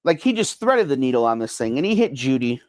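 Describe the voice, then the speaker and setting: A man's voice: mid-range voice, sing-song, quick pace, no echo, clean studio sound. A middle-aged man hosting a casual sports podcast alone, rambling with lots of fillers and repeats as he reads comments. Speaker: podcast host. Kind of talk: casual solo sports talk reading viewer comments.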